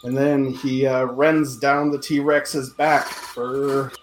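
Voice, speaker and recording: A man's voice: mid-range voice, little pitch movement, takes it slowly, echoey room, slight background noise, low-quality recording. A man narrating a tabletop game as game master, rambling and casual with lots of filler.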